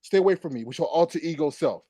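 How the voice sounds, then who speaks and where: A man's voice: on the high side, animated, fast, mellow, breathy edge, dry recording, studio quality. A man hosting a livestream, angrily ranting in a profane, repetitive way. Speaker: livestream host. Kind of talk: heated livestream rant.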